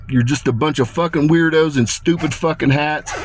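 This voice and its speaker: A man's voice: fairly high pitch, moderate pace, faint music behind. A man delivering a rambling, profane and menacing rant to his viewers, often repeating himself. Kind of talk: ranting monologue to camera.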